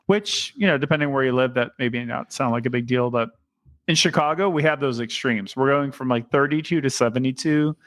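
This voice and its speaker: A man's voice: mid-range voice, a little fast, fairly bright tone, no echo. A man co-hosting a podcast in casual chat, chatty and enthusiastic, joking as he goes. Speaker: podcast co-host.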